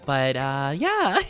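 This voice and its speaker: A chatty streamer talks casually with viewers while playing, with a bright, forward voice and frequent giggles. Faint music plays underneath. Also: medium pitch. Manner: chatty and giggly, answers chat messages. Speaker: streamer reading chat. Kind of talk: casual livestream chat over gameplay.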